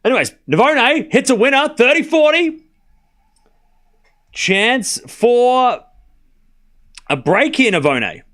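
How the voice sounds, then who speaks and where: A man's voice: very high voice, big pitch swings, slow, long pauses, a bit bright. A man hosting a live tennis watchalong stream, calling points and chatting casually with his viewers. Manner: chatty, laughs often, talks to chat. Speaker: host.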